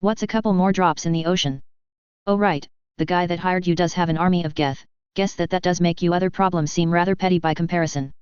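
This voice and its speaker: A woman's voice: fairly low pitch, steady tone, fast, a little mellow, clear, resonant tone, no echo, highs cut off, natural voice. A woman voicing a laid-back, sarcastic male shock trooper with a casual, easygoing manner in a story reading.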